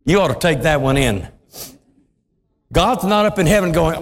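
A man preaching a sermon with impassioned, dramatic swings, dropping into deep voices for emphasis. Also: animated, moderate pace, pauses often. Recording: long hall reverb.

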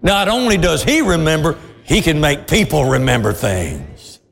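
A man pastor preaching a sermon with dramatic, animated storytelling. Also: a little high, moderate pace, gravelly. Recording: long reverb of a large hall.

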